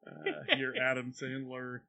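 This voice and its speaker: A man's voice: mid-range voice, flat delivery, measured pace, creaky, pushed and bright, muffled recording, slight background noise. A man co-hosting a podcast in casual chat, dry and keen to get the show on track. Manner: dry, keeps steering the show back on track. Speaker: podcast co-host.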